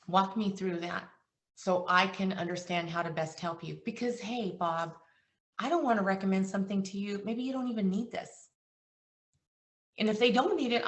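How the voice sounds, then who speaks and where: A woman's voice: mid-range voice, vocal fry, recorded from a distance. A woman coaching sales agents in an earnest, emotional way, retelling client calls. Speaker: insurance agency trainer. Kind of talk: motivational sales training talk. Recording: echoey room, voice from off-mic.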